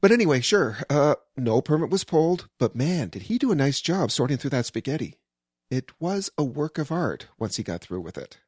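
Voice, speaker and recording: A man's voice: mid-range voice, big pitch swings, moderate pace, darkish tone, slightly rough, no room sound. A man telling a personal anecdote in a wry, conversational way with dry humor.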